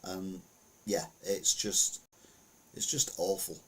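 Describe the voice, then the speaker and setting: A man's voice: deep voice, fairly even intonation, slow, breathy edge. A middle-aged man giving casual opinion commentary as a podcast host, rambling with lots of fillers and restarts.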